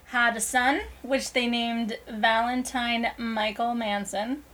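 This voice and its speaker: A woman's voice: fairly high pitch, little pitch movement, takes it slowly, fairly bright tone, rough recording. A young woman co-hosting a podcast, telling a story casually with sarcasm, laughs and silly voices. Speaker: podcast co-host.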